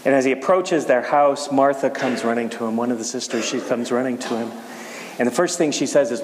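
A man preaching a casual sermon, talking in a conversational, halting way with frequent restarts. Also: mid-range voice. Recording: echoey hall with faint hiss.

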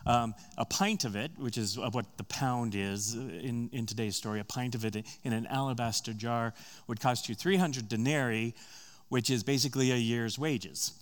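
Tense moments in this male preacher's retold story send his voice louder and higher, while quieter stretches drop soft and slow. He breaks off into conversational asides as he preaches.

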